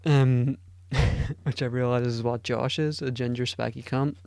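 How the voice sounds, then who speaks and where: A man's voice: mid-range voice, steady tone, measured pace, vocal fry, a little mellow, clean tone. A man hosting a podcast alone, rambling casually, swearing often and putting himself down. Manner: rambling and profane, self-deprecating. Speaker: podcast host. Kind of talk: casual solo podcast chat.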